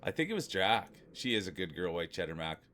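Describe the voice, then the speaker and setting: A man streaming live from home, chatting casually and warmly with his viewers, greeting them by name and often repeating himself. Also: low voice, very animated, a little fast, slight background noise.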